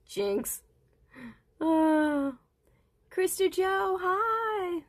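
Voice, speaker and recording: A woman hosting a casual crochet livestream, counting stitches softly under her breath and chatting with viewers. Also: mid-range voice, lively intonation, slow pace, long pauses, dry recording, clean studio sound. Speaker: livestream host.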